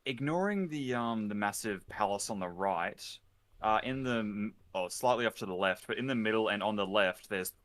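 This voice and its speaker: An Australian man with a lowish voice and a bright, forceful tone talks on a live stream. He points out details carefully and pauses on fillers as he explains. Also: expressive. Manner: explanatory, detail-focused, a little hesitant. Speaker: guest co-host. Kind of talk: casual live-stream chat.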